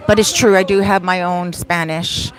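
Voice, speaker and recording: A woman's voice: lowish voice, steady tone, moderate pace. A woman who works as a life coach, chatting casually and cheerfully in a live Q&A vlog from a lounge, laughing often.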